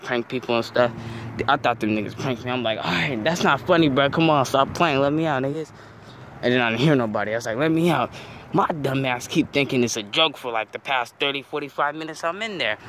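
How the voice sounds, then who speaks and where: A man's voice: mid-range voice, bright, forceful tone, slight background noise. A teenage boy telling a story in casual slang, saying "bro" after nearly every phrase, outdoors near a street.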